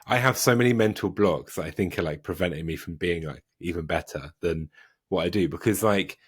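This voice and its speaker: A man's voice: low-pitched, fairly quick, husky. A man with a British accent, hosting a podcast and chatting in a casual, self-deprecating way. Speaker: podcast host. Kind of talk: casual conversation.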